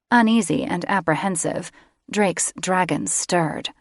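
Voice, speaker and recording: A woman audiobook narrator giving steady, scripted fantasy narration close to the microphone. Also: lowish voice, a little slow, vocal fry, no echo. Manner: steady storytelling. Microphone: close studio microphone.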